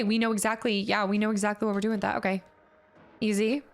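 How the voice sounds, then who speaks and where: A woman's voice: mid-range voice, flat delivery, brisk, gravelly, soft background music. A woman streaming a horror game live, chatting with viewers and reading on-screen text aloud as she plays.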